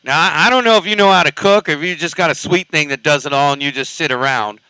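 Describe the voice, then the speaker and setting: A man's voice: a little high, fast, sharp tone, clean tone, no room sound, rough recording. A man from California chatting casually on a CB radio, rambling and cussing in a laid-back way. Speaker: CB radio operator.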